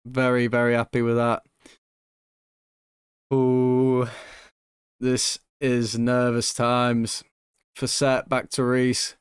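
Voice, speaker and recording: A young man commentating his own football management game, excitable and swinging between nervous hush and loud joy, swearing now and then. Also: medium pitch, slow pace, pauses often, clear, resonant tone, dry recording, studio quality. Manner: excitable, swings from hushed nerves to shouting joy. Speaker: gaming YouTuber.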